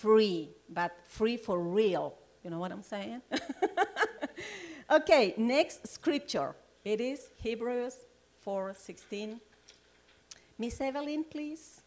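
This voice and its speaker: A woman leading a Bible study, sharing her personal testimony in a lively, rambling way and laughing often. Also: fairly high pitch, slow pace. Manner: loose, rambling phrasing.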